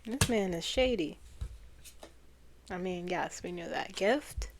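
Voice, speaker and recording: A woman's voice: fairly low pitch, lively intonation, slow pace, noisy background. A woman doing a casual tarot card reading for viewers, musing aloud and trailing off. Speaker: tarot reader.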